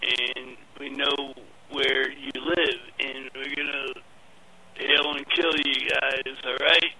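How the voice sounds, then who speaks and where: A man voicing a menacing male death metal band member in a drawling, threatening, profane prank voicemail with a gravelly rasp. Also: medium pitch, level tone, takes it slowly, pushed and bright, a little hiss or hum, exaggerated voice, low-quality recording.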